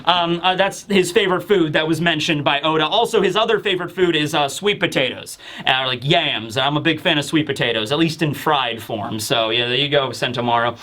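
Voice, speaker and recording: A man's voice: on the high side, fairly quick, hardly any pauses, bright, forceful tone. A man hosting a casual comic review, talking in a rambling, enthusiastic way with lots of fillers. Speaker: manga review host. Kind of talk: casual commentary.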